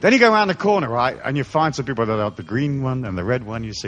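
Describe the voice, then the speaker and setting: A man's voice: medium pitch, animated, quick pace, a bit bright. A man giving a live spiritual lecture, irreverent, joking and profane. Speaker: spiritual speaker.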